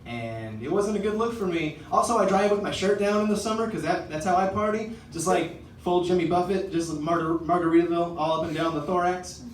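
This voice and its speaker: A man's voice: high-pitched, brisk, few pauses. A man doing a stand-up routine on a theater stage, telling a rambling, self-deprecating story with stammered restarts. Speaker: stand-up comedian. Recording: echoey theater from far off, audience noise.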